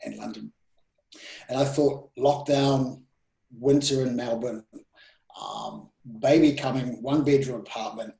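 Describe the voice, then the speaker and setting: A man in his thirties telling personal stories in an interview, animated and full of restarts and quoted self-talk. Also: mid-range voice. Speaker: guest speaker. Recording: roomy echo.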